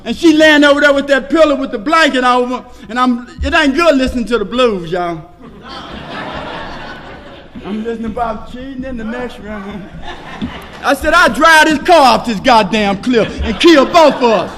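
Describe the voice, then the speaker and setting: A man telling his recovery story at a meeting, with rhythmic lists and swings between shouting and hushed talk. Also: very high-pitched, lively intonation, moderate pace. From Texas. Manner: preaching, rhythmic lists, shouts and laughs early, quiet and hushed later. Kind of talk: personal testimony at a speaker meeting. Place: meeting hall. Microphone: podium microphone. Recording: hall reverb, faint noise.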